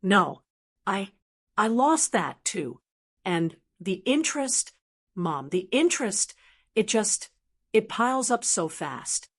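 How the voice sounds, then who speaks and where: A woman voicing an ashamed grown son who stammers through a confession of gambling debt, speaking slowly. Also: mid-range voice, sing-song, full character voice. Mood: ashamed, pleading.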